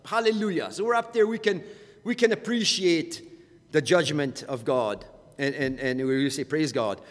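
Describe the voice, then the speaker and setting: A man's voice: on the high side, measured pace, big-room sound. A man teaching a Bible study in a conversational way, often repeating words as he goes.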